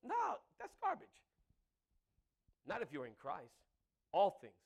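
A man preaching a sermon, swinging from loud exclamations to quiet asides and asking the congregation "right?". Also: high-pitched, huge pitch swings, slow pace, creaky.

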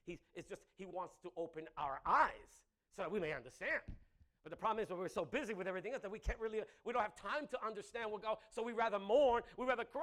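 A male preacher with a notably high voice delivers an animated sermon. He swings from loud, emphatic exclamations to quiet, conversational asides, often checking in with the congregation. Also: fast.

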